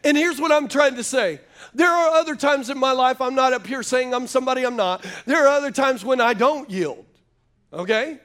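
A man's voice: very high voice, moderate pace, a bit bright. A man preaching a sermon, telling folksy stories and calling out to the congregation. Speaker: pastor.

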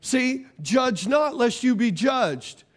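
A man in his forties preaches a sermon with a high voice. He is animated and jokes often, and his voice swings from loud bursts to near hushes. He keeps checking in with the congregation for amens. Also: slow pace. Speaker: pastor.

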